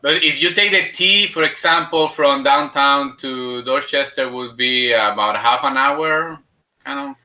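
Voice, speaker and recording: A man's voice: medium pitch, expressive, measured pace, sharp tone, low-quality recording. A man hosting an interview show, playful and chatty, easily switching between two languages. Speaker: podcast host. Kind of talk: casual interview chat.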